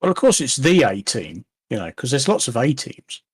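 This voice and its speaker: A man's voice: medium pitch, very animated, normal speed, husky, no echo. A man, co-hosting a casual live chat with dry, joking banter.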